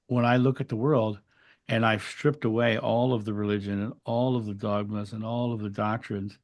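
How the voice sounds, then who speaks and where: A man telling a spiritual story in an interview, earnest and reflective, often restarting his words. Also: fairly low pitch. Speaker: interview guest.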